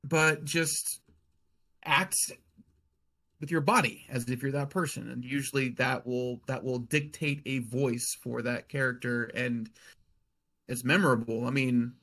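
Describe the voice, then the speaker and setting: A man's voice: medium pitch, fairly even intonation, unhurried, pushed and bright. A man on a podcast talking casually as a guest game master, often restarting his sentences as he thinks aloud.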